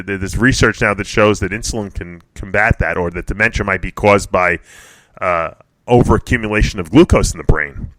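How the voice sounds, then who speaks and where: Bright punchy guy hosting a radio show, laughing thru stories, dry studio mic. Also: fairly low pitch, no echo. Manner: laughing, animated storytelling. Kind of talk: casual chat.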